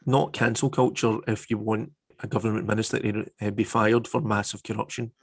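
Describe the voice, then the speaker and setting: A man hosting a political podcast, with dry, sarcastic humour. His pitch stays flat and even, and the recording is close and dry. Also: a little fast, creaky, no echo. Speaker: podcast host. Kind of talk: casual political chat.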